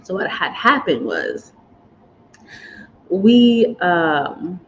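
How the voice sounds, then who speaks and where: A woman's voice: lowish voice, sing-song, extremely slow. A woman vlogger telling a personal story in a chatty, emotional way, choking up and speaking to her viewers as y'all. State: choked up with emotion. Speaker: vlogger sharing moving-abroad experiences. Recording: slightly dull, faint background hiss.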